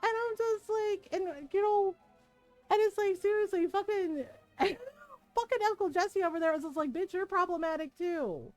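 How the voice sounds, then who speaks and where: A woman streamer chatting casually with her live viewers, animated and swearing often, with frequent laughter. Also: very high voice, measured pace, soft background music.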